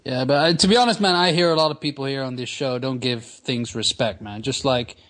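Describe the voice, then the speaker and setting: A man co-hosting a casual podcast chat, animated and argumentative, tacking "man" onto his sentences. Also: mid-range voice, a little fast. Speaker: podcast co-host.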